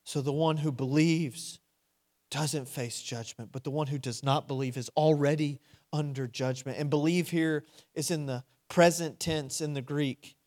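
A male preacher with a slightly high voice delivers a sermon. He keeps asking his listeners direct questions and moves between quiet, intimate stretches and loud, emphatic surges. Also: steady tone, measured pace. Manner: dynamic, swings from hushed to loud and emphatic; asks the audience direct questions.

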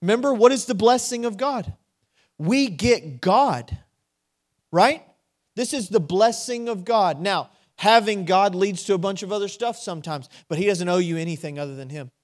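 A man's voice: high voice, moderate pace. Emphatic, dynamic male preacher. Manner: dynamic, swings from hushed to loud and emphatic; asks the audience direct questions. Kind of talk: sermon.

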